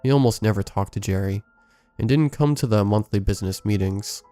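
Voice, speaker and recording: A man reading a first-person scary story aloud in a measured, scripted storytelling delivery. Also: fairly low pitch, warm tone, soft background music. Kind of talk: scripted horror story narration.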